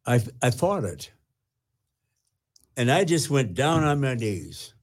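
An older man, a retired pastor, earnestly telling his personal testimony with halting restarts. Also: medium pitch, big pitch swings.

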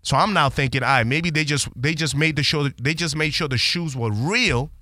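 A man hosting a podcast, animated and profane as he retells a story in casual slang. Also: fairly high pitch, normal speed, dry recording, studio quality.

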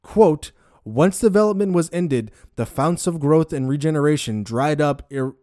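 A man's voice: on the high side, animated, normal speed, mellow, no echo, studio quality. A man hosting a casual podcast chat. He laughs often and trips over big words as he explains what he has read. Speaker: podcast host.

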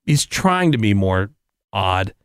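A man's voice: fairly low pitch, big pitch swings, slow pace, fairly bright tone, smooth, no echo, clean studio sound. A man hosting a radio morning show, chatting casually with a rambling, filler-heavy manner. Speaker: radio host.

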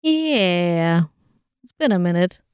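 A woman's voice: on the low side, very animated, takes it slowly, a little mellow, clean tone, no room sound, clean studio sound. Giggly woman co-hosting a podcast. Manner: giggly, laughs often between lines. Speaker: podcast co-host. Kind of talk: casual chat.

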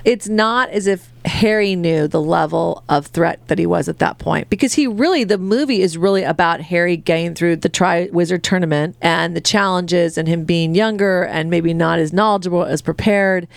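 A woman co-hosting a casual chat, animated and quick to act out lines in playful voices. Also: fairly low pitch, creaky, dry recording. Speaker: podcast co-host.

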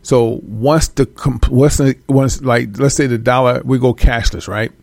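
A man giving an animated casual monologue to his viewers, swearing freely and laughing often. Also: mid-range voice, unhurried, gravelly, no echo. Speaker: host.

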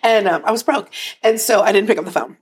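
A woman being interviewed as an actor and singer, telling stories in a lively, emotional way. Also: mid-range voice, fast talker, a little hiss or hum. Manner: animated, emotional, acts out quotes. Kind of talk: casual storytelling interview.

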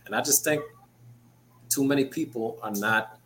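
A man co-hosting a podcast, speaking in a relaxed, thoughtful way. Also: mid-range voice, moderate pace, a little hiss or hum, poor audio. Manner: relaxed, thoughtful, many "you know" fillers. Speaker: podcast co-host. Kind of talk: casual chat.

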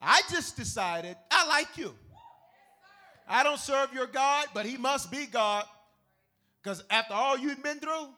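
A preacher doing a booming, boastful Pharaoh. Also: male voice, lively intonation, unhurried, long pauses, pushed and bright, full character voice. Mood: proclaiming. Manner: booming, exuberant, laughing proclamations. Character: boastful grand Pharaoh, a male king.

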